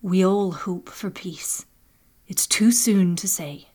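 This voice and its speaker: A woman voicing a worried, caring grandmother, hushed and gentle in a storybook. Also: lowish voice, takes it slowly. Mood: tender.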